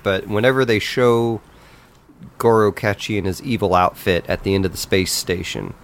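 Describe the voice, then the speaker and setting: Lower-voiced male panelist, easygoing and a bit halting, with faint noise behind him. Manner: relaxed, hesitant, thinking aloud. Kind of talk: casual game discussion.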